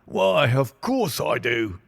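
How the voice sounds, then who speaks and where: A man voicing a stout, blustering middle-aged police inspector with a muffled, husky, wheezing voice in an audiobook. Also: mid-range voice, sing-song, slow, dry recording, pitched above the performer's own voice, exaggerated voice. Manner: pompous, brash and self-satisfied. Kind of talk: audiobook reading.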